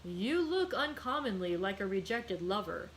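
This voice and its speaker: Lady reader doing a loud tipsy guy, teasing and mocking, a bit high, storybook read-aloud. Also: big pitch swings, normal speed, slight background noise, lightly acted, rough recording. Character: jovial drunken man, loud and teasing.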